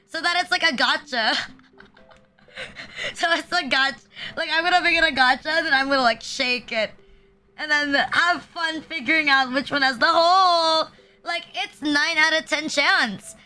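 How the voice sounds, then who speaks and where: Bright, high-voiced young woman streamer. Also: moderate pace. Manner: crude, rambling, filler-heavy joking. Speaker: VTuber streamer. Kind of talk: casual livestream chat.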